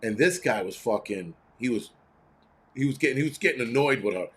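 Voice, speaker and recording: He's in his fifties and running a laid-back livestream, his medium-pitched voice expressive, fairly quick, and fairly bright. Sarcasm and rambling fill his talk, along with constant swearing.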